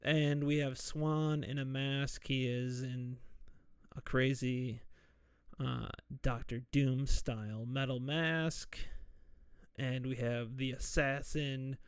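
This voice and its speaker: A man hosting a podcast, slowly and casually retelling a movie's plot with jokey asides. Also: mid-range voice, steady tone, smooth, no echo, clean studio sound. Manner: slow, laid-back retelling with jokey asides and mock quoted voices. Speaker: podcast host. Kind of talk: casual solo movie recap.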